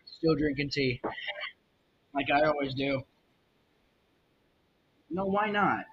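A young man hosting a casual solo podcast, rambling and opinionated, with lots of fillers and restarts. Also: slow. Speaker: podcast host. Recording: muffled lo-fi mic with faint rumble. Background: faint jazz music.

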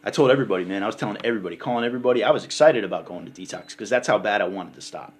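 A man's voice: fairly low pitch, animated, racing, slight background noise. A man in casual conversation, telling a personal story in an earnest, rambling way, often saying "you know" and "man". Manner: candid and emotional in tone. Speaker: podcast guest sharing his recovery story. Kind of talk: casual chat.

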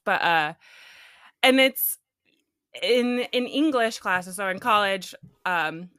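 Woman co-host with a bright, dry sound; chatty and quick to laugh. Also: medium pitch, lively intonation, smooth, no echo. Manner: chatty, laughs often, many fillers. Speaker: podcast co-host. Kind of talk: casual podcast chat.

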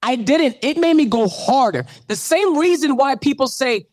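A man's voice: very high voice, expressive, normal speed, darkish tone, dry recording. A man hosting a radio show, telling his story in an interview with a preacherly lilt that builds to fervent calls. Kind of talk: animated testimony in an interview.

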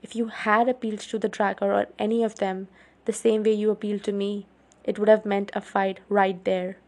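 A woman reading a story aloud, voicing a brooding young male vampire who is protective and grim, speaking low and even. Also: a little fast, natural voice.

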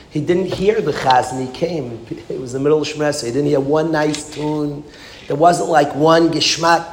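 Man preaching in an echoey, noisy room. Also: on the high side. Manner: emphatic, repetitive, builds to passionate exclamations. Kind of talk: storytelling sermon. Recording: echoey room with background noise.

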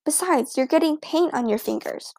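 A bossy, prim schoolgirl who orders her little sister about, as a woman reading aloud puts her on. The voice is high with a slight gravelly fry, recorded dry and close. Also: expressive, moderate pace, mellow, no room sound. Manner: bossy, correcting.

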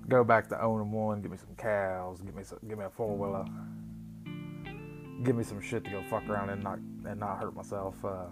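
A young vlogger from West Virginia, with an Appalachian accent and a fairly low, level voice, talks fairly quickly. His foul-mouthed, rambling monologue jumps from stories to crude jokes. Guitar music plays clearly behind him.

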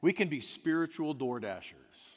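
A man preaching a sermon as pastor, chatty and animated as he tells stories. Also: a little high, normal speed, long reverb tail. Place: church.

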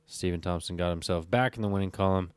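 A man's voice: sits low, quick pace, smooth, no echo. A tired man casually recapping fight records on his own, rambling and correcting himself as he goes. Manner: rambling, self-correcting, often stops to recheck fight records. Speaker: MMA fight recap host. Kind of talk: casual solo commentary.

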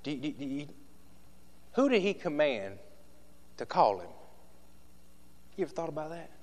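A man preaching a sermon in a church with passion, shifting between loud shouts and hushed asides to the congregation. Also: a little high, very animated, moderate pace.

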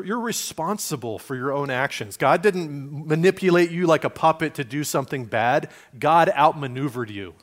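A man preaching to his congregation in a relaxed, talky way. His voice sits at an ordinary middle pitch. He often slips into little quoted voices and restarts his phrases as he thinks aloud. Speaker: pastor. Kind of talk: sermon.

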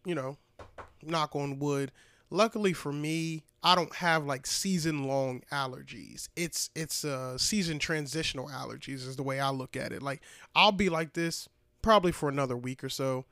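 A man's voice: a little high, normal speed, a bit bright, no room sound. A man co-hosting a podcast in casual chat, congested and a little muffled, talking in a laid-back, rambling way. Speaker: podcast co-host.

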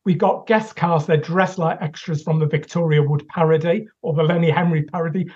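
A man's voice: a little high, fairly even intonation, brisk, darkish tone, breathy edge. A man co-hosting a podcast, ranting and swearing in an exasperated critique. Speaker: podcast co-host. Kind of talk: casual critical discussion. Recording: dull lo-fi recording.

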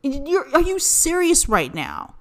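A woman's voice: high voice, huge pitch swings, slow. An American woman hosting a podcast, ranting in casual, profanity-filled commentary. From United States. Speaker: podcast host.

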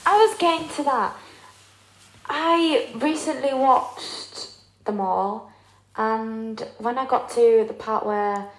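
A young woman co-hosting a podcast who tells stories in an animated way and shares playful, strong opinions. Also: a little high, takes it slowly. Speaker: podcast co-host. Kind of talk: casual chat. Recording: echoey room.

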